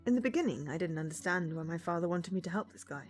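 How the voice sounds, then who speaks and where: A woman's voice: on the low side, lively intonation, fast talker, soft background music, natural voice. A woman reading an earnest teenage girl. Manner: earnest, wistful narration. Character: sixteen-year-old girl, earnest and eager. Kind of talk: visual novel voice reading.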